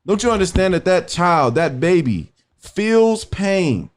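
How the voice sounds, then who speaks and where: A man's voice: fairly high pitch, expressive, unhurried. A man in an earnest, preaching-style radio discussion who quotes scripture and keeps checking that listeners understand. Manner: earnest, cites scripture, asks "you understand?".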